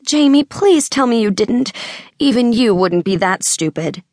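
A woman voicing a fierce, suspicious young woman who is sharp and accusing toward her brother in an audiobook. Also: fairly high pitch, expressive, measured pace, dry recording, clean studio sound, pitched above the performer's own voice. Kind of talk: audiobook character voice.

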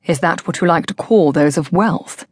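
A woman voicing a polite, wealthy British gentleman with a formal, dry-humored manner. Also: lowish voice, normal speed, slightly rough, no echo. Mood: courteous.

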